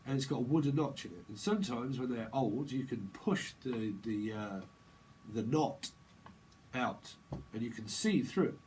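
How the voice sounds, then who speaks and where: A man's voice: medium pitch, expressive, normal speed, a little mellow, a little hiss or hum, rough recording. A man giving a casual, rambling tarot reading, joking and laughing often. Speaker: tarot reader.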